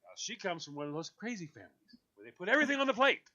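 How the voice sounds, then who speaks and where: A man hosting a radio show, telling a long story in an animated way and mimicking the people in it. His voice is high-ish and bright, and the audio sounds dull and lo-fi. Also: racing. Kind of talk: casual chat on a call-in show.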